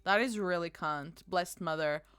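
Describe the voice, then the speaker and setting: A woman game streamer chatting casually with her viewers, bubbly and quick to laugh, calling people darling. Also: lowish voice, clean tone, no echo. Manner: bubbly, bursts into loud panicked squeals and laughter. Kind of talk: casual live-stream chat.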